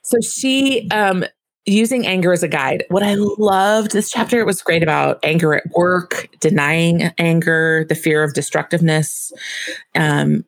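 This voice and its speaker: A woman's voice: fairly low pitch, a little slow. A woman co-hosting a podcast, chatting casually about a book and reading passages aloud with animation. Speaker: podcast co-host.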